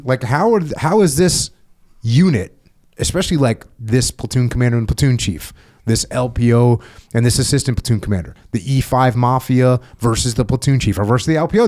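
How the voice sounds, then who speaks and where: A man's voice: mid-range voice, a little mellow. A middle-aged man hosting a podcast, telling stories casually and acting out quoted voices with emphasis. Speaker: podcast host. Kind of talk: casual conversational storytelling.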